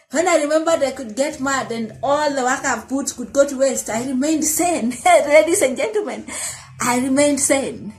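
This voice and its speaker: A woman's voice: high voice, low-quality recording. A woman in her thirties talking candidly to camera in a reflective, confessional personal vlog, often correcting herself mid-sentence. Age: 30s. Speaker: vlogger.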